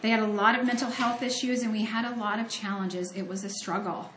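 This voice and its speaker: A woman's voice: a little high, fairly even intonation, fairly quick, noisy background. Earnest woman preaching in an echoey room. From Ohio. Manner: conversational, earnest, personal storytelling. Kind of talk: sermon with scripture reading.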